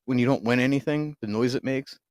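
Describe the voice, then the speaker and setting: A man's voice: mid-range voice, a little fast, a little mellow, dry recording. A man co-hosting a sports podcast, talking in a loose, rambling way with frequent restarts and casual swearing. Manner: rambling, profane, restarts a lot. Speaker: podcast co-host.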